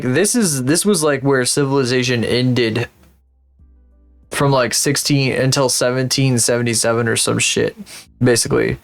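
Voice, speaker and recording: A man's voice: medium pitch, vocal fry. A man commentates his own game on a live stream, rambling from thought to thought and swearing easily. His voice sits in an ordinary middle register. Faint music plays underneath. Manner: rambling, swearing, thinking aloud. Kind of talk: casual livestream commentary while playing a geography game.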